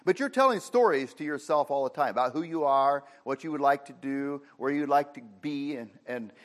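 High-pitched male preacher, casual conversational sermon, audience in the room. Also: normal speed. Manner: plain conversational preaching, frequent "you know" fillers.

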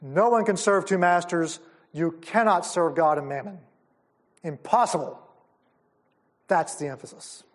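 A man's voice: high voice, a little slow, long pauses. A man teaching at a Bible conference, enthusiastic and explaining things step by step. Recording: audio of a live talk.

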